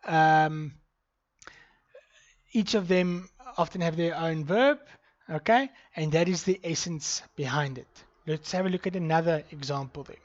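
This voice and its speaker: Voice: medium pitch, a little slow, muffled recording. A university lecturer gives a recorded online lecture. The lecturer explains step by step, reads punctuation marks aloud, and moves between Afrikaans and English.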